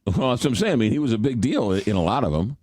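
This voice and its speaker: A male radio host chats loosely and rambles, stopping often to search for a name. His pitch swings freely as he talks. The sound is dry and close, straight from a studio mic. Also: very animated, racing, darkish tone, dry recording. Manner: rambling, searches for words with many fillers. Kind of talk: casual radio banter.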